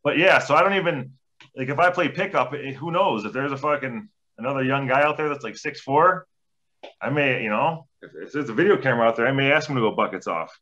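A forceful, bright-toned man in his forties spins rambling, profanity-laced stories as a podcast guest. The audio is dull and lo-fi. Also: medium pitch, fast. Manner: profane, rambling anecdotes with acted-out quotes. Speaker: podcast guest, former hockey player. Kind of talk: casual storytelling. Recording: dull lo-fi sound.

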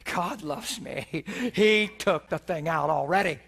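A male preacher telling a story in a sermon, excited and emphatic, acting out the voices of other people and often laughing as he speaks. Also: on the high side, slow, vocal fry.

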